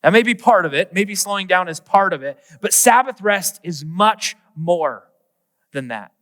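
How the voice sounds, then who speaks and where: A male pastor preaching a humorous, animated sermon, acting out little everyday scenes. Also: sits high, moderate pace, big-room sound.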